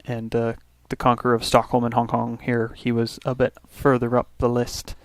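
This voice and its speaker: A man's voice: medium pitch, monotone, moderate pace, dry recording. A man from Canada hosting a let's play, casually thinking aloud through his turns with restarts and little asides. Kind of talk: casual gameplay commentary.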